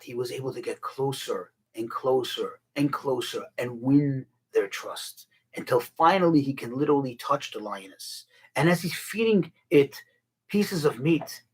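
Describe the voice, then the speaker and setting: A male teacher telling a fable in an animated, dramatic way. His voice is breathy, and he pitches it at an ordinary middle height. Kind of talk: storytelling lesson.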